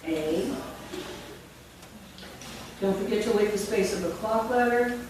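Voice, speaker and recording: A woman's voice: mid-range voice, steady tone, brisk. A woman leading a teacher training workshop, dictating words and quizzing the room. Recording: very echoey room from far off, with noise.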